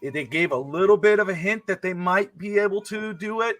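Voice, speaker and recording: Male sports show host, high bright voice, animated and chatty, dry close mic. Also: brisk, dry recording. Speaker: podcast host. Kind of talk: casual sports talk show.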